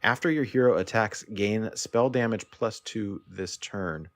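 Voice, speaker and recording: Hesitant low-voiced male guest. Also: a little slow, no echo. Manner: hesitant, many fillers. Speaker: podcast guest. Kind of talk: casual chat about a card game.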